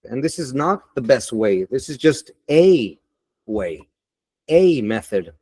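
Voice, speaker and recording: Man, teacher webinar, slow deliberate delivery, emphatic, dry sound, video call mic. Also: mid-range voice, sing-song, a little mellow, no echo.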